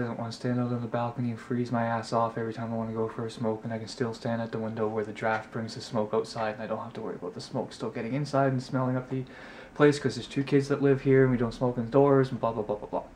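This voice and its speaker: The voice has a darkish tone, with slight background noise behind it. A young vlogger sits in his apartment at night telling his camera a rambling, exasperated story in a chatty way, doing high-voiced impressions of the people involved on the camera mic.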